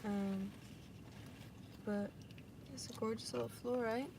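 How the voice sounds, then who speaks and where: Co-host, woman with a higher voice, chatty and steering the talk, clear background noise in a car. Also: steady tone, slow pace. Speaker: podcast co-host. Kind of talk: casual chat.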